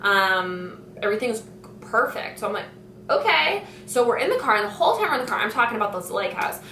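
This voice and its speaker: Rapid-fire and sing-song, a young woman's slightly high, bright voice chats about her school days, stuffed with "like" and "you know." She's a vlogger at home by the kitchen, recorded in an echoey room from a distant mic with a little hiss or hum.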